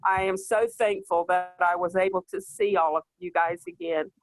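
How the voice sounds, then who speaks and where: A person speaking in a reflective, halting way on a family video call. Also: medium pitch, steady tone, no echo, soft background music, rough recording.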